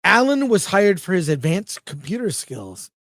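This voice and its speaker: A man's voice: high voice, very animated, moderate pace, fairly bright tone, dry recording. A man co-hosting a casual livestream film review show, blunt and jokey, reading viewer comments aloud. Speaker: film critic co-host.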